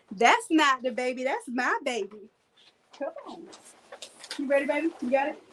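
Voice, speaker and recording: A woman's voice: high-pitched, lively intonation, measured pace, fairly bright tone, slight background noise, low-quality recording. A woman instructor leading a live hands-on printing demo, chatty and playful, joking with her viewers.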